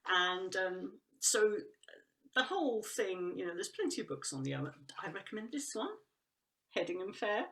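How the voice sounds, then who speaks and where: A woman's voice: mid-range voice, animated, normal speed, fairly bright tone. A woman talking as a guest about trees and woodland work, enthusiastic and rambling, with frequent restarts and laughs. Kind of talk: casual conversational chat.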